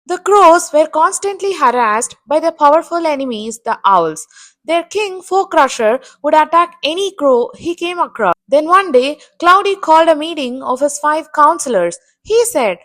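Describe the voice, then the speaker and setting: A woman from India telling a children's bedtime story with clear, expressive narration. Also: high voice.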